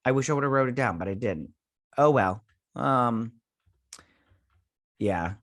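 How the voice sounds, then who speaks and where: A man hosting a casual episode recap, rambling with lots of fillers and quick paraphrased lines from characters, close on a desk mic. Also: mid-range voice, expressive, a bit bright, no room sound. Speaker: show host.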